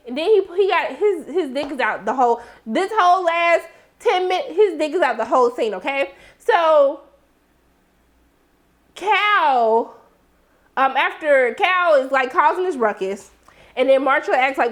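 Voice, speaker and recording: A woman with a fairly high voice talks through a TV episode in a relaxed, chatty recap. She jumps into quick impressions of the characters and answers them with sassy asides. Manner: animated, acts out characters' lines in sassy asides. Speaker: TV show reviewer. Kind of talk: casual recap commentary.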